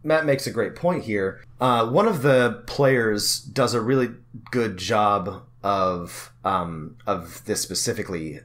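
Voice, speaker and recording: A man with a fairly low voice co-hosts a relaxed podcast conversation about tabletop games. He is chatty, laughs easily and often restarts his sentences mid-thought. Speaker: podcast co-host. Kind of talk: casual chat.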